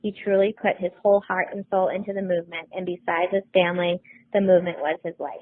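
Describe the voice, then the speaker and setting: A woman's voice: on the low side, level tone, fast. A woman reading a heartfelt tribute to her late father in an earnest way. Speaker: daughter giving a tribute. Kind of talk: read tribute speech. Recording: tinny phone-like sound.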